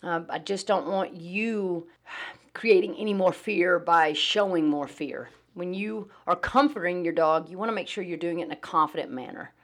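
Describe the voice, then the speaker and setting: A woman with a slightly low voice hosts a podcast on dog training. She talks in a relaxed, chatty way and often pauses on "um" and "uh" as she explains. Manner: relaxed, chatty, with many ums and uhs. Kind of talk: casual podcast talk.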